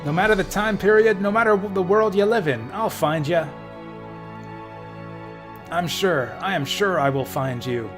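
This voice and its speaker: A man's voice: high-pitched, moderate pace, pauses often, a bit bright, voice pushed up. A man putting on a brash Australian gal. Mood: fond farewell. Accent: put-on Australian. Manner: hammy, playful slang-heavy farewell delivery. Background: faint game music.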